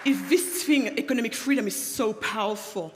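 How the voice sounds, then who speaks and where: A woman's voice: fairly high pitch, normal speed, a crowd in the background, background noise. A middle-aged woman from Africa, an entrepreneur giving a conference keynote, stressing her points by repeating key phrases. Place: large conference hall on a stage. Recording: long reverb of a large hall.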